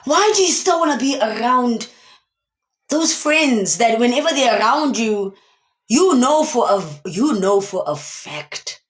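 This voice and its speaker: Brief: South African woman, motivational live streamer, emphatic and preachy, voice a little high and very animated, echoey room. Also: unhurried. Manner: emphatic, preachy, asks many rhetorical questions. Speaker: motivational speaker.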